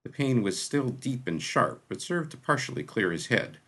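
A man narrating a fantasy story in a measured, dramatic reading. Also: mid-range voice, sing-song, fairly bright tone, husky, poor audio. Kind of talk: audiobook narration.

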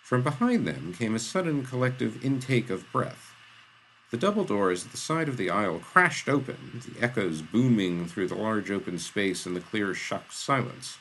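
Man, audiobook narrator, low gravelly voice, lively delivery, faint hiss. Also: poor audio. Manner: measured, dramatic reading.

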